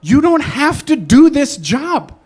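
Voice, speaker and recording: A man's voice: very high voice, very animated, slow pace, darkish tone, voice pushed up, full character voice. A man voicing a blunt, matter-of-fact female friend in a story.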